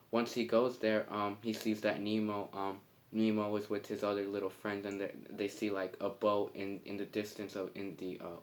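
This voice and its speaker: A man casually retelling a film's plot, halting and full of fillers and restarts. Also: fairly low pitch. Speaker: movie reviewer.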